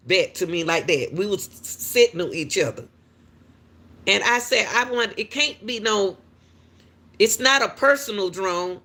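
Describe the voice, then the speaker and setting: A woman, a school crossing guard, casually telling viewers a story in an animated way and calling out to them often. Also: on the high side. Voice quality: talks straight to viewers with repeated "y'all", animated and laughing.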